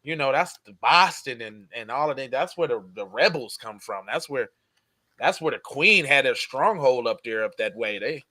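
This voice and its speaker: A man's voice: medium pitch, expressive, normal speed, pushed and bright, no echo. Slangy laid-back male podcast host. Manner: laid-back slangy, repeats "cuz", laughs often. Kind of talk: casual podcast banter.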